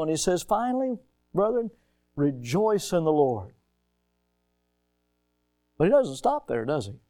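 A male preacher delivers a sermon in a slightly high voice. He tells his stories with plenty of life and tends to stammer and repeat himself as he gets going. His delivery moves easily between quiet asides and forceful emphasis. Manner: animated storytelling with stammered repeats.

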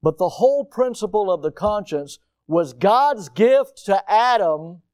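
A man's voice: high-pitched, lively intonation. Man preaching an emphatic evening sermon. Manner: rising to emphatic, slowed-down stress on key words; quotes a historical statement aloud, then repeats it quietly. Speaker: pastor.

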